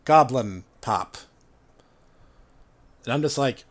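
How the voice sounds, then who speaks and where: A man casually recounting tabletop game stories to a co-host, animated and laughing along the way. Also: fairly high pitch, measured pace. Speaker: podcast co-host, former tabletop player. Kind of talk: casual storytelling chat.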